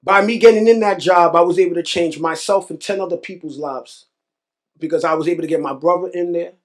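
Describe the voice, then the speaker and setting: High-voiced man from New York telling stories. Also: brisk. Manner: animated, repeats phrases, acts out quoted voices. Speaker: real estate investor guest. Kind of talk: casual interview storytelling.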